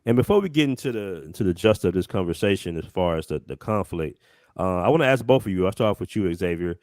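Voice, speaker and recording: A man hosting a casual interview, asking questions in a relaxed way with frequent short acknowledgements. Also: deep voice, quick pace, dry recording, clean studio sound. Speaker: interview host.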